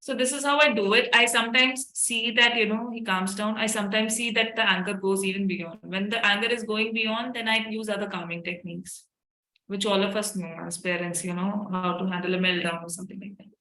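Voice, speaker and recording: A woman's voice: mid-range voice, fairly even intonation, brisk, sharp tone, echoey room, rough recording. A woman, a therapist and parent, explaining tapping methods in a webinar talk. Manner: explanatory, repeats tapping statements. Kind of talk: webinar talk answering questions.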